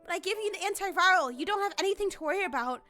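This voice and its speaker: A woman's voice: very high voice, animated, pushed and bright, soft background music, heavily acted. A woman reading a remorseful, apologetic father. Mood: gentle. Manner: halting, apologetic. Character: remorseful middle-aged father, shaky and apologetic. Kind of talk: reading a visual novel aloud.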